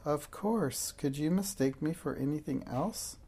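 A man's voice: a little high, dark tone, slightly rough. A man reading a storybook aloud and voicing a vain, touchy tiny female fairy in a thin, piping voice. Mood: smug, boastful. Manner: boastful and preening, quick to take offence.

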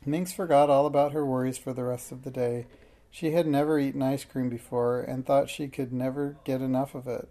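A reader narrating a children's storybook aloud in a steady, unhurried way, with small slips. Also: medium pitch, creaky.

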